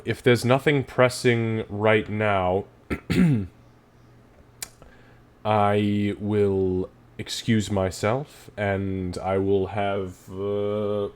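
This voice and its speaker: Guy playing a polite old-school druid leader, slow and formal, kinda low voice. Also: a little mellow. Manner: measured, polite and unhurried.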